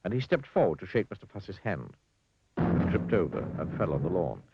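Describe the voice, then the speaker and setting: Brief: low husky storyteller, very lively reading, dull dry lo-fi sound. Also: male voice, fairly quick, dry recording. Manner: dry, wry storybook delivery.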